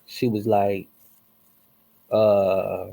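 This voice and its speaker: A man telling a spooky personal story in casual chat, animated and slangy. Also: on the low side, very slow, creaky.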